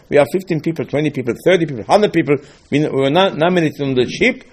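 Man, rabbi giving a Torah lesson, husky voice, lively rhetorical style. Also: on the high side, rapid-fire, few pauses. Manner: animated, rhetorical questions, repeats phrases.

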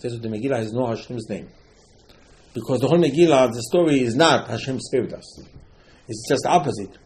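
A man's voice: medium pitch, a little fast, darkish tone, a little hiss or hum, low-quality recording. A man giving an informal religious talk, telling a story with many repetitions and emphatic rising outbursts. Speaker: religious teacher.

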